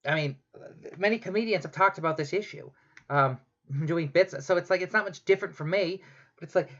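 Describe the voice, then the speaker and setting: A woman's voice: on the low side, brisk. A woman doing a profane, rambling comedic rant monologue, full of sarcasm. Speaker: comedic ranter, show host. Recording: dull lo-fi home recording.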